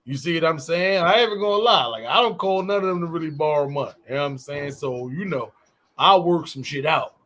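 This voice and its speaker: A male podcast co-host talks in a loose, rambling way and keeps asking for nods from his listeners. His voice sits a little high for a man. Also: brisk, fairly bright tone. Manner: loose and conversational, fills with "you know what I'm saying". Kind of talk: casual chat.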